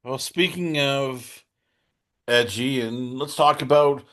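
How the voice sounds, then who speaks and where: A man's voice: mid-range voice, slow pace, a bit bright. A man hosting a podcast in casual chat, teasing his guest and slipping into mock-outraged quotes. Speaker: podcast host.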